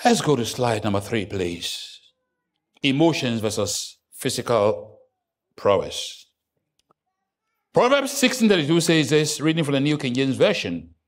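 A male pastor preaching a sermon in church, joking with the congregation and breaking into sudden loud rises. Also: mid-range voice, big pitch swings, measured pace.

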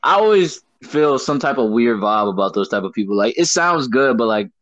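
A young man from Brooklyn, telling animated, slangy stories in casual chat. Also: medium pitch, moderate pace, no room sound, highs cut off. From Brooklyn, New York. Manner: animated, laughing, slangy storyteller.

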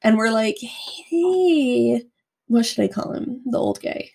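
A young woman co-hosting a podcast, telling a story in a casual, profane, animated way full of "like". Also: fairly high pitch, normal speed, creaky, faint music behind. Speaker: podcast co-host.

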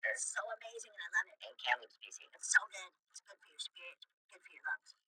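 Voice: medium pitch, big pitch swings, fast talker, bright, forceful tone, breathy edge, dry recording, distant mic. A podcast host talking from a paddle boat on a lake, giggly, goofy and rambling. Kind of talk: casual chat. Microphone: snowball USB microphone.

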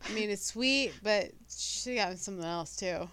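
A woman's voice: medium pitch, moderate pace, background noise. A woman co-hosting a podcast, chiming into a movie review with short, wry, sarcastic remarks. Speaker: podcast co-host. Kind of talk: casual movie review chat.

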